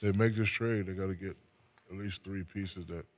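A man in his forties from New Jersey talks with a very deep, low voice in a loose, unhurried interview chat. He often restarts his sentences, repeating his first words before going on. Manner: relaxed, repeats his words when starting. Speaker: guest.

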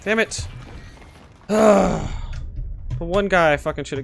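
A man giving live gameplay commentary as a streamer, excitable, swearing a lot and yelling at enemies. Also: high-pitched, slow pace, creaky, long pauses, a little hiss or hum. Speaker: gaming streamer.

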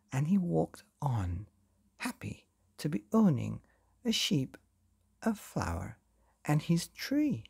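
A man who hosts a bedtime story podcast, gently reading a picture book aloud to children. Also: mid-range voice, gravelly, breathy edge, dry recording. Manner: gentle, addresses children directly.

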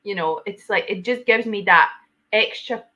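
Bright-voiced woman hosting a trading stream. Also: medium pitch, normal speed. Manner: animated, laughs easily, explains with fillers. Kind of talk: casual trading chat. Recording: dull lo-fi stream audio.

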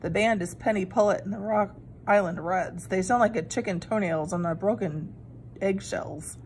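A woman's voice: mid-range voice, normal speed, slight background noise, close to an everyday voice. A woman voicing a sassy, wisecracking female fairy goose in a storybook reading, with a brash, offhand, slangy manner.

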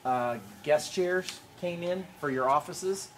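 A man's voice: a little high, slow pace, far from the mic, a little hiss or hum. A man hosting a casual live sales walkthrough in a furniture warehouse, chatty and listing prices. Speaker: store host showing furniture.

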